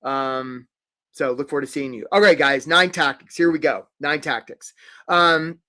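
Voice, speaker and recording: A man coaching job seekers in a live online workshop, talking quickly and energetically and speaking straight to his attendees. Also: fairly high pitch. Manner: energetic, talks fast, addresses attendees directly. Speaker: career coach hosting a webinar.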